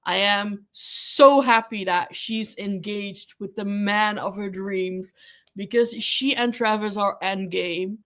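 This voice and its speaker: A woman's voice: medium pitch, fairly even intonation, slow, fairly bright tone. A woman hosting a casual livestream, chatting with viewers, giggling often and greeting people by name. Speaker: livestream host.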